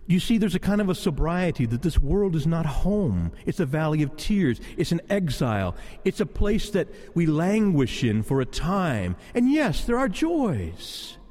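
A man's voice: on the high side, very animated. Priest preaching in a reverberant church, man. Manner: conversational preaching, with slow, hushed prayerful passages. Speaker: Catholic priest. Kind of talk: sermon. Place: church during Mass.

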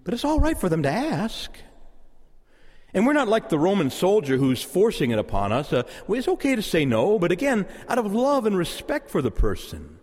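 Animated preaching man in echoing church. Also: high voice, moderate pace. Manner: animated preaching, acts out quoted voices, chuckles. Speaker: pastor. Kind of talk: sermon. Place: church sanctuary. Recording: long hall reverb.

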